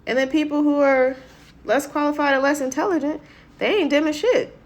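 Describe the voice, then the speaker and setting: A woman's voice: high-pitched, a little fast. A woman giving a casual motivational talk in a conversational manner, often checking in with listeners and acting out what people say. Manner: conversational, keeps asking "right?"; acts out quoted voices. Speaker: motivational speaker.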